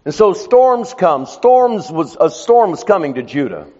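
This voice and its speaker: A man preaching a sermon, telling the story in an animated, emphatic way. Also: high-pitched, unhurried, big-room sound, dull audio.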